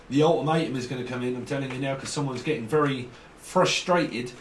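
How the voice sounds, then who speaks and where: A man's voice: mid-range voice, quick pace, recorded from a distance. Man, rambling comic tarot reader, recorded in a roomy space with faint hiss. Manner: jokey, rambling, breaks into song and silly voices.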